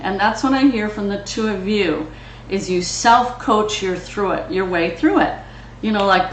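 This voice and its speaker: A woman's voice: mid-range voice, roomy sound, slight background noise, rough recording. A woman hosting a business coaching session, speaking frankly and with motivational emphasis. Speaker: host. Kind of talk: coaching talk.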